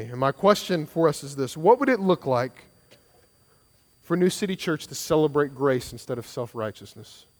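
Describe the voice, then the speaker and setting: A man's voice: high voice, in a large hall. A man preaching a sermon as pastor, earnest and conversational, with frequent restarts and repeated phrases.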